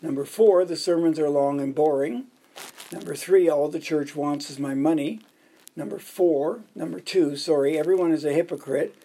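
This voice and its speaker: A man preaching in a church, voice pitched a little high with a gravelly, husky edge. He delivers a sermon laced with joke stories and ticks through numbered points one by one. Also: moderate pace, warm tone. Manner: jokey storytelling, counting off points. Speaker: pastor.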